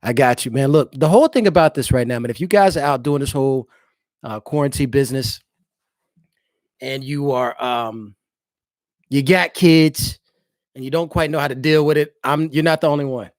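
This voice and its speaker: A man, a married father, hosts a casual live stream from his home. He talks loosely and straight to his viewers at a middling pitch, and the sound is dry and close. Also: moderate pace, darkish tone, dry recording. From eastern United States. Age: adult, married father. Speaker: livestream host.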